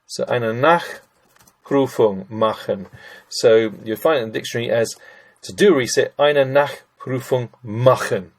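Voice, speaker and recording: A middle-aged man with a mid-range voice speaks a little slowly while teaching German grammar in a screen-recorded lesson. He's conversational, working through sentences aloud and speaking to listeners as ladies and gents.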